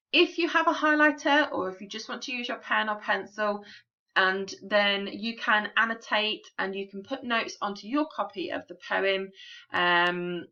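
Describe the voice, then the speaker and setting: A woman teacher talks through a poem for a recorded remote lesson, patient and clear with plenty of ums. Her voice is bright and forward. The sound is a little dull and lo-fi, like a home recording. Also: medium pitch. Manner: clear, patient classroom explaining with frequent ums.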